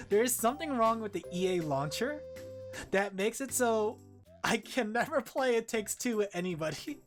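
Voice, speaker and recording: A woman's voice: a little high, expressive, moderate pace, soft background music. A woman with an Australian accent chatting playfully with her stream viewers, giggling and joking dramatically. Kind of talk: casual stream chat with viewers.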